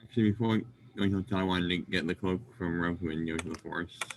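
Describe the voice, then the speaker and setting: A man's voice: sits low, fairly even intonation, fast, noisy background. A man playing in a tabletop game, talking in a casual, matter-of-fact way about what his character does. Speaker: player.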